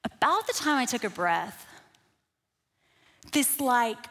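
High-voiced animated woman preacher. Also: slow. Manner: animated, self-deprecating, builds to emphatic peaks. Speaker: kids pastor. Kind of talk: sermon with personal storytelling. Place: church. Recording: long hall reverb.

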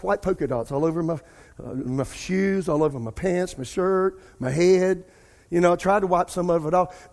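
A middle-aged man, a pastor preaching a sermon and telling a personal story in an animated way. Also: a little high. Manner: animated storytelling, addresses congregation as "y'all".

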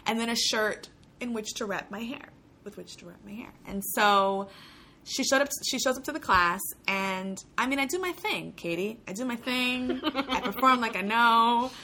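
A woman's voice: medium pitch, pushed and bright, slight background noise. A young woman from Puerto Rico, a guest in a casual interview, telling stories chattily with frequent laughs and restarts. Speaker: guest, actor.

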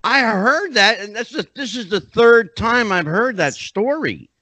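A man hosting a podcast, chatting in an animated way with many asides. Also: high voice, a little slow, no echo. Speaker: podcast host. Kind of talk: casual interview chat.

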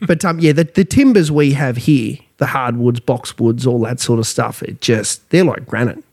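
A man's voice: mid-range voice, moderate pace, darkish tone. A middle-aged Australian man co-hosting a casual podcast, swearing freely and ranting in a blokey way. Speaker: podcast co-host. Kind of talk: casual pub banter.

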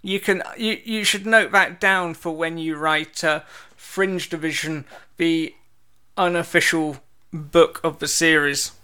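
A man's voice: a little high, fairly even intonation, a little slow, pushed and bright, smooth. A man co-hosting a casual podcast, joking and teasing his partner. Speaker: podcast co-host.

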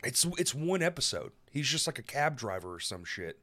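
A man's voice: mid-range voice, very animated, normal speed, sharp tone. A man hosting a podcast in loose, casual chat, swearing freely and laughing often. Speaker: podcast host.

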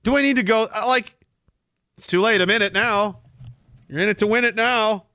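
A man's voice: sits high, moderate pace, pushed and bright, no echo, clean studio sound. A man hosting a livestream, ranting sarcastically about the news and reading out viewer comments. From Canada. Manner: sarcastic, ranting, swears freely. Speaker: livestream host.

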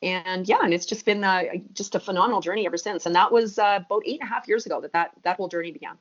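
A woman's voice: medium pitch, racing, highs cut off. A woman guest on a podcast interview, talking emphatically and with energy, full of fillers.

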